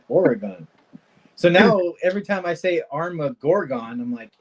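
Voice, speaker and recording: A man's voice: fairly high pitch, lively intonation, measured pace, poor audio. A man from California with a Californian accent, hosting a livestream and chatting casually, laughing often as he tells jokey stories. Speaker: livestream host. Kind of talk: casual chat while wrenching.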